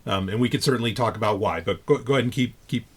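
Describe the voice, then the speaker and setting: A man's voice: on the low side, fast talker, breathy edge. A man hosting a podcast in loose, casual chat, talking freely with frequent restarts and casual swearing. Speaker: podcast host.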